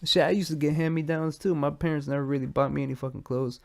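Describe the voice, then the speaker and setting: A young man hosting a podcast alone, high and sleepy, rambling in casual, profane slang. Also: fairly even intonation, fast, gravelly. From United States. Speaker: podcast host. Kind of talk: casual stoned monologue.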